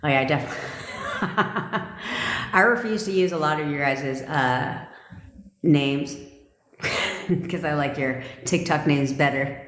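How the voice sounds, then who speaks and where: A woman's voice: deep voice, takes it slowly, pauses often, fairly bright tone. A woman manifestation coach on a live stream, talking bluntly and intensely with lots of swearing, repeating her points and answering viewer comments. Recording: echoey room with long reverb.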